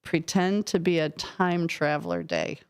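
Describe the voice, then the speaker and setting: A woman hosting a casual radio chat in a studio, talkative and quick to laugh, firing off questions. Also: fairly low pitch, fairly even intonation, clear, resonant tone. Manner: chatty and giggly, quick questions. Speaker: radio host. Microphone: studio microphone.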